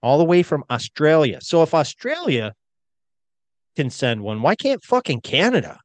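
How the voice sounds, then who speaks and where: A man's voice: on the high side, wildly swooping pitch, moderate pace, no echo. A man co-hosting a podcast in a crude, rambling casual chat. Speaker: podcast co-host.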